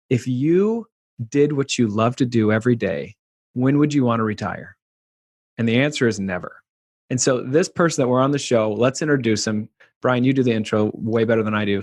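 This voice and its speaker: A man's voice: medium pitch, dry recording, clean studio sound. A man hosting a podcast, talking in an enthusiastic, rambling and joking way. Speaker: podcast host. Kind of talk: casual interview chat.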